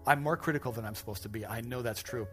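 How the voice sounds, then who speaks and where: Man, pastor, sermon, joking, self-deprecating, lively asides, medium pitch, music behind. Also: quick pace. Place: church stage before a congregation. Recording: music playing behind the speaker.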